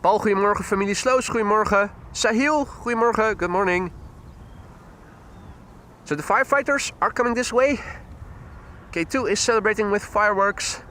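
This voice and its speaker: A man's voice: high voice, brisk, sharp tone, a little hiss or hum. A man, chatting casually as host of a live plane spotting stream, greeting viewers by name, his nose a little stuffy, on a clip-on mic outdoors. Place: outdoors at an airport. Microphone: wireless clip-on mic on his t-shirt.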